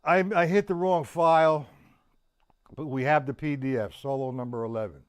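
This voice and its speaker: An older man leading a live online drum lesson, counting beats aloud slowly and patiently. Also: mid-range voice, clear, resonant tone. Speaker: drum teacher.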